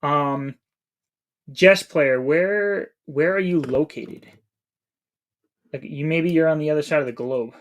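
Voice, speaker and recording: Man in his thirties, game streamer, casual chat, reads out chat, slightly higher voice. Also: slow, pauses often. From New England, USA. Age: 30s. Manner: chatty, reads chat aloud while playing.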